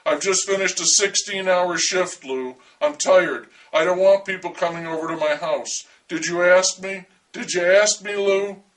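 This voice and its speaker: A man voicing a tired young waitress and wife, sharp and accusing with her husband. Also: high-pitched, measured pace, few pauses, poor audio. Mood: upset.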